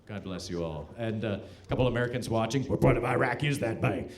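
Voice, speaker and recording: Animated Canadian comic hosting a stage show. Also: male voice, on the low side, fast. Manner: sarcastic, animated, does voices in stories. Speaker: host and stand-up comedian. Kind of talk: stand-up comedy and emceeing. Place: theater stage with live audience.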